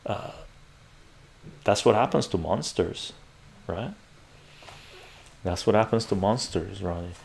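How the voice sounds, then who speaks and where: A man's voice: lowish voice, slow pace, gravelly, pauses often, a little mellow, slight background noise. A man hosting a livestream, reading viewer chat aloud and ranting in a profane, sarcastic way.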